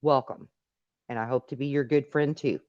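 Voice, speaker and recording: A woman's voice: very deep voice, steady tone, normal speed, no room sound, dull audio. A middle-aged woman hosting a live call-in stream, chatting casually and reading viewer messages aloud. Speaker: live call-in show host.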